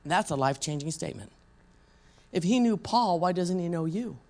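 Gravelly-voiced woman preaching a sermon. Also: lowish voice, animated, moderate pace, a little mellow. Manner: conversational, asks the room questions; acts out quoted voices.

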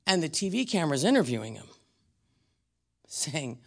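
Gravelly preacher man. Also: fairly high pitch, very animated, a bit bright. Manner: slows down and drops to a whisper on key words; blunt and emphatic. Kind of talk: teaching sermon.

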